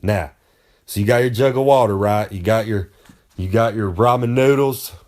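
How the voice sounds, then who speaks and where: A man's voice: fairly low pitch, normal speed, a little mellow. Boastful man rambling in folksy slang. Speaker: pro wrestler giving road tips. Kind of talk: comedic in-character monologue.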